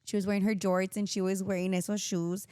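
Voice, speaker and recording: A middle-aged woman co-hosting a podcast, chatting casually and expressively, with quick bursts of laughter. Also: medium pitch, little pitch movement, mellow, clean tone, no echo. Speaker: podcast co-host and mother. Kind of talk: casual chat.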